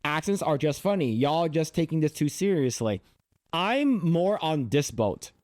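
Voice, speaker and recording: Guy doing a reaction vid, blunt and sweary, kinda high voice, dry sound. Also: sing-song, measured pace, a little mellow, no room sound. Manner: blunt, profane, reads comments aloud with rambling restarts. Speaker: reaction video host. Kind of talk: casual reaction commentary.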